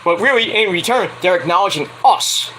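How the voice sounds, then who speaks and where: A man on a late-night livestream rants with heated, profane energy. His voice sits high and bright. A faint air-conditioning hum runs underneath. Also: lively intonation, a little fast, poor audio. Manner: profane, heated, fired-up ranting. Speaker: wrestling reviewer and streamer.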